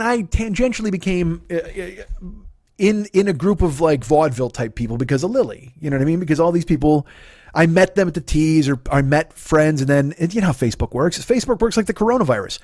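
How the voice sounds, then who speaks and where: A man's voice: no room sound, studio quality. A man in his forties hosting a comedy podcast, ranting with a lot of swearing and mocking. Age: 40s. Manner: mock voices for others, high and loud. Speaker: podcast host. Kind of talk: comedic rant.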